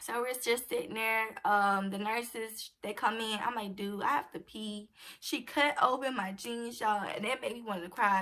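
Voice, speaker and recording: A young woman casually telling a personal story to her viewers, animated and acting out the dialogue. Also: fairly high pitch, moderate pace. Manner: animated, acts out quoted dialogue.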